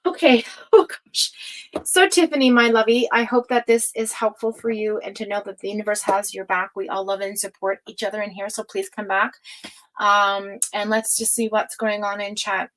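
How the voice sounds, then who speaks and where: A woman hosting a tarot reading livestream, talking casually and affectionately to viewers, with many fillers, sighs and soft laughs. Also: mid-range voice, steady tone, normal speed, rough recording. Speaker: tarot reader and livestream host.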